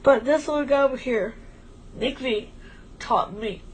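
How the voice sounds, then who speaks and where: A woman's voice: high voice, measured pace, a little hiss or hum, rough recording. A woman talking in a casual, heartfelt way on a stream, emotional and rambling as she thanks a friend. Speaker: livestream co-host.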